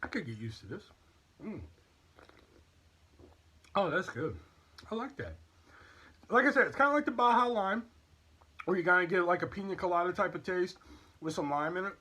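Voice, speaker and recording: A man's voice: high voice, lively intonation, normal speed, long pauses, bright, forceful tone, breathy edge. A man hosting a casual product review and haul vlog, talking in a candid, chatty, rambling way. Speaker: YouTube channel host.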